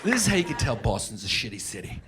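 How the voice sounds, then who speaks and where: A man's voice: mid-range voice, big pitch swings, fast, over loud music, over a noisy crowd. A man doing a brash, profane stand-up set on a club stage with a handheld mic. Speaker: stand-up comedian. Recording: live audience laughter and hiss.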